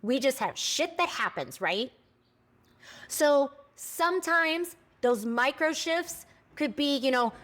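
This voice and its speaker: A woman in her forties with a high-sitting, slightly bright voice speaks frankly to camera for her spiritual vlog. Passionate and blunt, she swears casually, and at points she grows emotional, almost tearful.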